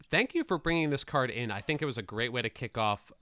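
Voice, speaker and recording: A man's voice: medium pitch, animated, fast talker, sharp tone, smooth. A man co-hosting a podcast in casual comedic chat, rambling and self-correcting in a good-natured way into a close mic. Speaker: podcast co-host.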